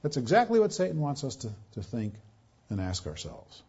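A man with a medium-pitched, slightly mellow and rough voice preaches an expository sermon at normal speed, his pitch swooping wildly as he emphatically repeats key phrases. The recording is dull and lo-fi.

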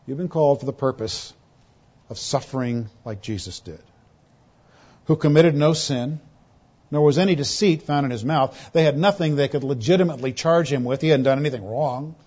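A man preaching an expository sermon as pastor, rising to loud, pointed quotations and dropping to hushed, quiet lows. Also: moderate pace, breathy edge. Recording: dull lo-fi sermon recording.

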